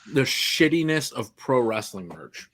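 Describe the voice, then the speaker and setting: A man's voice: medium pitch, big pitch swings, moderate pace, fairly bright tone. A man co-hosting a casual podcast, exasperated and swearing freely. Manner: profane, exasperated. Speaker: podcast co-host.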